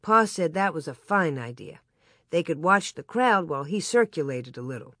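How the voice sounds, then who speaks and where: An audiobook narrator reading a children's story aloud in an even, clear way. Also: mid-range voice, moderate pace, no echo, clean studio sound.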